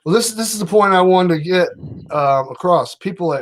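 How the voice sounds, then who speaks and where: A man's voice: sits high, lively intonation, fairly quick. A man hosting a casual livestream chat, rambling and hesitant, with many fillers. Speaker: livestream host.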